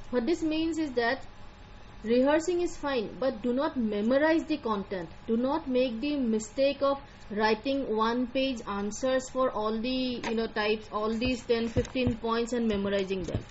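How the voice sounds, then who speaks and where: A woman's voice: on the high side, lo-fi sound, slight background noise. A woman with an Indian accent, an admissions counselor giving a live online lecture in a directive way, repeating her key points.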